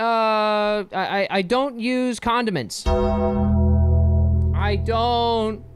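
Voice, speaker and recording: A man hosting a casual solo podcast, rambling and joking and often laughing. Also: sits high. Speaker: podcast host.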